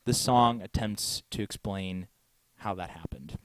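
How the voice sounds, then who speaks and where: A man's voice: on the low side, unhurried, fairly bright tone, no echo. A man hosting a live music stream, chatting casually with lots of fillers and frequent chuckles.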